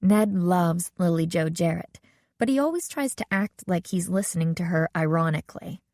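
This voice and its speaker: A woman reading a first-person teen mystery audiobook in a clear, even storytelling voice. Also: lowish voice, moderate pace, no room sound. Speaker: audiobook narrator. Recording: dry, close studio sound.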